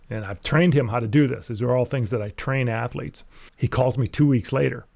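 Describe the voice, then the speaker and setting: A man who works as a mental skills coach, telling a story in a casual, animated way and chuckling often between phrases. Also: mid-range voice, fairly quick, creaky.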